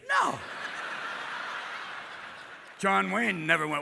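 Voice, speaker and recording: A man performing live stand-up comedy with manic energy, jumping between voices and bursts of shouting. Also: high-pitched, big pitch swings, measured pace, gravelly, pauses often. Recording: live hall reverb, crowd noise. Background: audience laughter.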